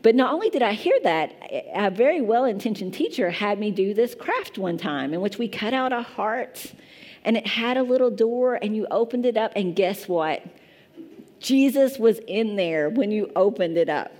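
A woman's voice: mid-range voice, animated, moderate pace, darkish tone. A woman pastor in her thirties from Kentucky with a strong Kentucky accent, preaching a chatty, self-deprecating sermon. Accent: Eastern Kentucky.

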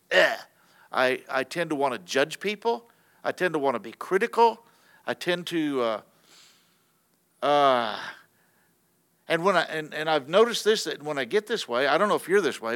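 A man's voice: medium pitch, a bit bright. A man preaching to a church gathering in a loose, conversational way, full of fillers and restarts. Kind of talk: unscripted sermon to a church gathering.

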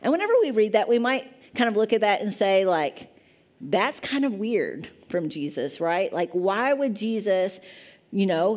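Speaking in a medium pitch with a darkish tone, a woman in her thirties delivers a sermon from the church sanctuary. As a pastor, she talks conversationally and regularly questions the congregation.

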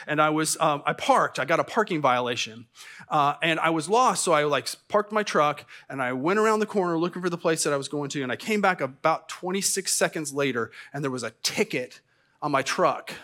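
A man's voice: mid-range voice, bright, forceful tone. A middle-aged man preaching a sermon as pastor, conversational with self-deprecating asides and stammered restarts. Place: church sanctuary.

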